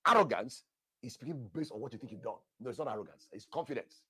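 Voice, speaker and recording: A man preaching an emphatic, animated sermon, praying in tongues, repeating phrases and calling listeners "sir". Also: medium pitch, fast talker, slightly rough, no echo.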